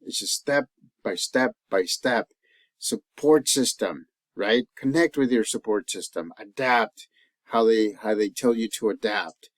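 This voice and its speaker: A man from El Salvador speaking as a life coach in a personal, reflective vlog. He talks earnestly and haltingly, often restarting his sentences, and his voice sinks soft when he turns emotional. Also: on the low side, dry recording, poor audio. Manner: openly emotional, voice dropping soft at times.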